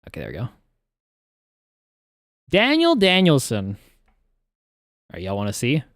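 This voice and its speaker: A man's voice: lowish voice, big pitch swings, moderate pace, gravelly, no echo, clean studio sound. A man hosting a casual live stream, rambling and laughing often as he talks. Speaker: streamer and charity host.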